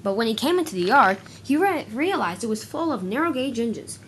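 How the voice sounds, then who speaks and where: A woman narrating a toy-train story, tripping over words and correcting herself as she goes. Her voice is fairly high and lively in its rise and fall. A faint hiss runs underneath. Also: fairly quick. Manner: stumbling, self-correcting reading.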